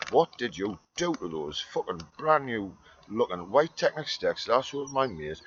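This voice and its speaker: A man's voice: fairly low pitch, muffled recording, slight background noise. A man in a sweary, rambling monologue that swings between muttering and ranting.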